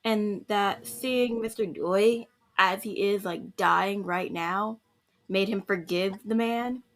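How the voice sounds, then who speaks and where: A woman co-hosting a casual podcast chat, recapping a story game and acting out the characters in quick asides. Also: medium pitch. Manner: animated, mimics characters in quick asides, laughs often.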